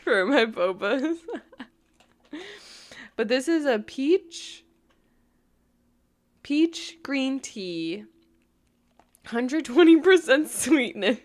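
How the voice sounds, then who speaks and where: Very slow and pausing often, this young woman from New York speaks in a high-pitched, expressive voice. She rambles through a casual storytime vlog, saying "like" constantly and laughing a lot.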